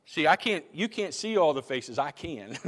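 Very animated, this pastor speaks at a moderate pace in a slightly high, fairly bright voice. His sermon is conversational, with restarted phrases and questions aimed at the congregation, and the church sanctuary gives it long hall reverb.

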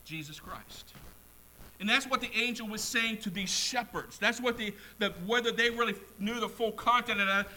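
A man preaching a sermon in a church, fervent and repetitive, swinging from loud emphasis to hushed asides. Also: high voice, poor audio.

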